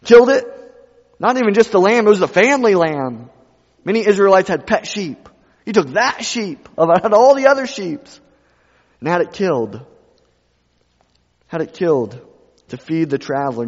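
A male pastor preaching a sermon, moving from quiet passages to loud ones and repeating phrases for emphasis. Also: a little high, moderate pace. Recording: dull sound with long reverb in a hall.

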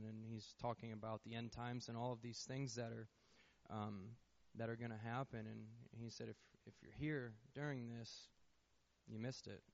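A man's voice: lowish voice, gravelly, muffled recording. A young man gives a personal testimony to a church congregation, telling his story earnestly and often restarting and repeating words. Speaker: church member giving testimony. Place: church sanctuary.

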